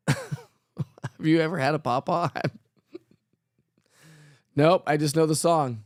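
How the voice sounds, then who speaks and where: A man's voice: fairly high pitch, fairly even intonation, slow pace, pauses often, dry recording, studio quality. A man hosting a casual live weather show, chatty and playful, who jokes at his own expense and laughs often. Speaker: weather forecaster host.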